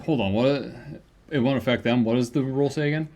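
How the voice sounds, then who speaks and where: A young man acting as game master, talking briskly about the rules and cracking jokes. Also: mid-range voice, a crowd in the background. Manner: brisk, rules-focused, joking. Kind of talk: running a tabletop game.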